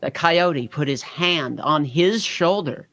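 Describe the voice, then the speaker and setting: A man taking over narration in a comedic fanfiction table read, reading in a measured way. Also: fairly high pitch, a bit bright.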